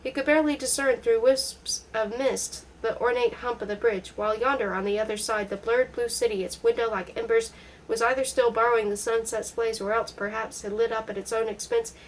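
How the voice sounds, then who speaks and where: A woman's voice: a little high, steady tone, brisk, a little hiss or hum, rough recording. Woman reading a literary audiobook. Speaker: audiobook reader.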